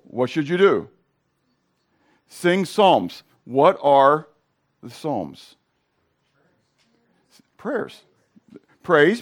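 A middle-aged male pastor with a hoarse voice, preaching in a casual, conversational way and questioning his congregation. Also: a little high. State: hoarse from sinus drainage. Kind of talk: sermon.

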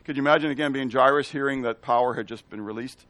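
A man giving an animated Bible teaching, asking the listeners questions and acting out the lines of the people in the story. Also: mid-range voice, fast, no echo.

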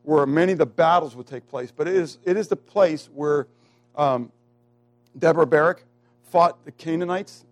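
Dramatic preacher swinging from shout to hush. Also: male voice, moderate pace, faint music behind. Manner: asks the congregation questions and waits for answers; swings from loud emphatic lines to hushed low asides. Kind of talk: sermon.

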